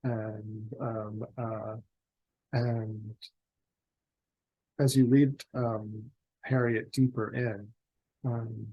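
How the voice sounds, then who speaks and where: Slow, hesitant male game master. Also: on the low side, flat delivery, husky, muffled recording. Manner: slow, hesitant, many ums. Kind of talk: narrating a tabletop game.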